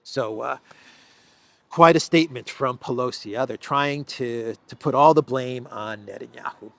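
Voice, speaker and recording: A man's voice: mid-range voice, moderate pace, creaky. A man hosting a solo news commentary, talking in an emphatic, sarcastic way with frequent restarts. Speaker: political commentary host.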